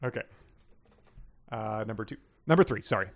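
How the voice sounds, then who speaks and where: A man hosting a casual chat show, easygoing and quick to laugh. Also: medium pitch, expressive. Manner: easygoing, laughs between readings.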